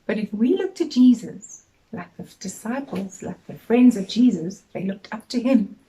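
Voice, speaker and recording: A middle-aged woman teacher gently speaking to young children in an assembly talk, telling them a story in a sing-song way. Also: a little high, lively intonation, normal speed, low-quality recording.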